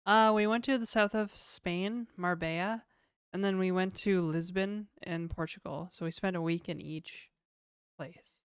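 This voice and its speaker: A woman's voice: fairly low pitch, fairly even intonation, measured pace, clean tone, no echo, studio quality. A young adult woman with a Canadian accent chatting casually on a livestream, reading viewer questions aloud and answering them in a laid-back way.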